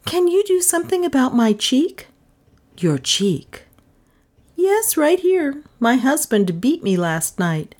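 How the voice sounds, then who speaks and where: A woman reading a storybook who voices a wry, quick-witted young woman, pitching her voice well up with bright exclamations and dry understatement. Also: very animated, full character voice.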